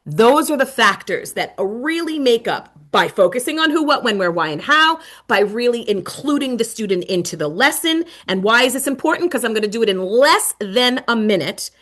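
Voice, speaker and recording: A middle-aged woman presenting a teacher webinar, animated, with dramatic whispered asides. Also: a little high, moderate pace, hardly any pauses.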